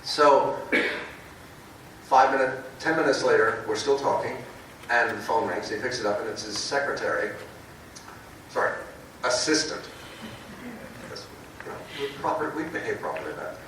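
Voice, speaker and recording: An older man telling lively anecdotes at a convention panel and acting out the people he quotes. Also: medium pitch, normal speed, long pauses. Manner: lively storyteller, acts out quoted voices. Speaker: comic book writer, panel guest. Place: large convention panel room. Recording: echoey hall recorded from far off, with noise.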